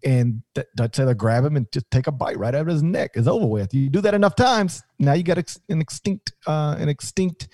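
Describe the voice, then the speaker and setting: A man co-hosting a sports podcast, telling stories with animated, joking energy. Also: fairly high pitch, a little fast, hardly any pauses, dry recording. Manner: animated, jokey storytelling with restarts. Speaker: podcast co-host, sports analyst. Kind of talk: casual podcast banter.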